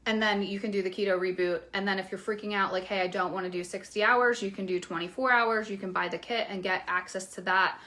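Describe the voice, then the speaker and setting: A woman's voice: mid-range voice, fairly even intonation, quick pace, hardly any pauses, sharp tone. A young woman coach talking frankly and casually to her viewers, with many fillers. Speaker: keto coach. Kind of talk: casual promotional video talk.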